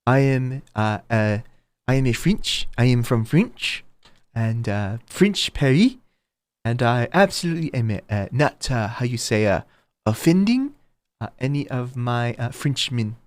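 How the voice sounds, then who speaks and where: A man's voice: mid-range voice, expressive, measured pace, no echo, close to an everyday voice. A man putting on an overdone French accent to play a bumbling Frenchman, hesitating and searching for words. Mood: hammy. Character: bumbling fake Frenchman from Paris.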